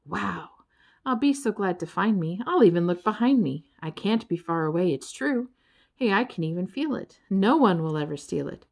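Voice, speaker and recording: A woman's voice: medium pitch, a little mellow. A woman voicing a carefree little creature singing. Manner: singing out joyfully in rhyme. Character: cheerful small male creature, carefree.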